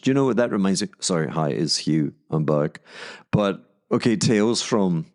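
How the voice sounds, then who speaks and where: Scottish man, middle-aged, low pitch, very animated pitch, digressive storytelling, profane asides. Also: moderate pace. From Scotland. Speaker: podcast host. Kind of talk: rambling storytelling monologue.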